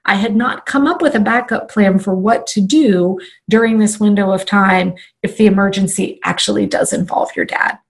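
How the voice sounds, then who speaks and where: A woman who trains people online tells a personal story in an animated way, acting out her own inner thoughts. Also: mid-range voice, moderate pace, creaky, hardly any pauses.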